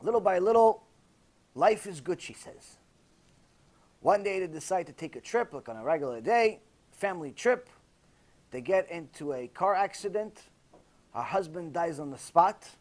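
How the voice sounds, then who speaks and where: A man, a rabbi, telling a story in a sermon, acting out the people he quotes with big swings from loud cries to hushed tones. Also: high-pitched, normal speed, long pauses. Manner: animated, acting out quoted voices with big swings from shouting to near-whisper.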